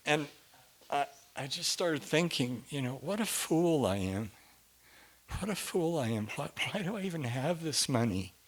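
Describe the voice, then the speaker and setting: A middle-aged man telling a personal story to a group, animated, laughing often and swinging from hushed to loud. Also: a little high, unhurried.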